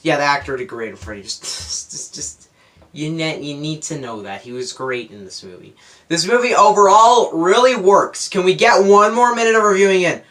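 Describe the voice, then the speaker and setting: A man's voice: a little high, lively intonation, normal speed, fairly bright tone. A young man giving a casual, unscripted movie review, rambling and correcting himself as he goes. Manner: rambling, self-correcting, enthusiastic.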